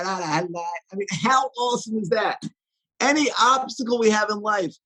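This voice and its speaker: Rabbi guy telling stories on his podcast, kinda husky, high voice, keeps restarting his sentences. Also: poor audio. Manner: storytelling, many restarts, warm enthusiasm. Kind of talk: casual teaching talk.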